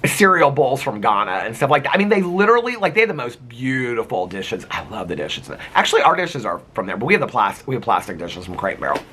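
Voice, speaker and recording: A man's voice: mid-range voice, big pitch swings, fast talker, hardly any pauses, sharp tone, husky. A man vlogging casually to camera, telling a chatty, gossipy story full of "like" and quoted dialogue.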